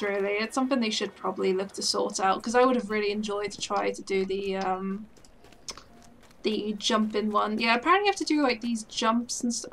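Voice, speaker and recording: A young woman giving casual, chatty let's-play commentary while she plays. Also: on the high side. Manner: chatty, giggly, self-talking. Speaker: gaming channel host.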